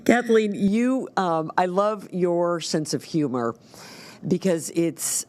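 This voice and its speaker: A woman's voice: lowish voice, takes it slowly, darkish tone. A woman hosting a podcast, chatting with guests in an effusive, upbeat way. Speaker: podcast host. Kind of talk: casual chat.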